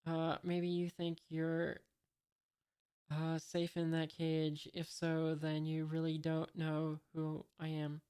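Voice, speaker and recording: A woman's voice: sits low, slow, clear, resonant tone. A woman voicing a boastful, threatening male pirate who tames a lion, read out plainly with fillers. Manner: flat read-aloud delivery with fillers.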